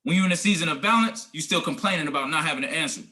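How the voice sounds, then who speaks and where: Speaking rapid-fire in a slightly high, bright, forceful voice, a man leads a group call with a motivational message. He takes an emphatic, preachy tone as team leader, talks slangy, and refers to his listeners as guys and family.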